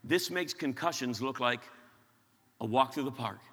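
A man from western Pennsylvania preaching and making announcements to his congregation, energetic and stumbling over repeated words as he gets excited. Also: medium pitch, normal speed, husky, big-room sound. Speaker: pastor. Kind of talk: sermon announcements. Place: large church auditorium.

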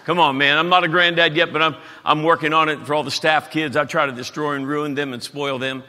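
A man, preaching a sermon in a folksy, joking, animated storytelling way. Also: on the high side, brisk. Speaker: pastor. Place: church auditorium. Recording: church hall reverb.

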